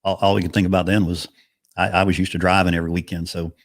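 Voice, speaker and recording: A man with a very deep voice reminisces slowly and casually, stopping and restarting often. The sound is dry and close. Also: little pitch movement, no room sound. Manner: easygoing, halting, many "you know"s. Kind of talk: casual conversation.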